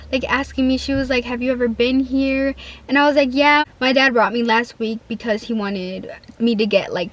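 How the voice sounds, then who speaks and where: A teenage girl telling a casual, rambling storytime vlog, full of "like" and acted-out quotes. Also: sits high. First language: Spanish-speaking home, bilingual. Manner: chatty, rambling, heavy use of "like", acts out quoted lines. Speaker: vlogger.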